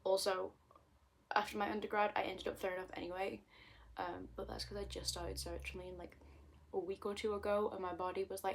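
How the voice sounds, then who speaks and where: A British woman in her twenties vlogs from her bedroom, chatting casually and poking fun at herself as she jumps between topics. Her mid-range voice is brisk and level, with vocal fry.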